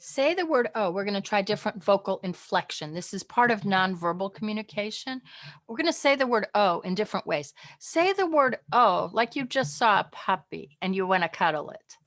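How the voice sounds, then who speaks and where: A woman teaching a college communication class online from home, chatty and lively, acting out different tones of voice. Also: mid-range voice, moderate pace.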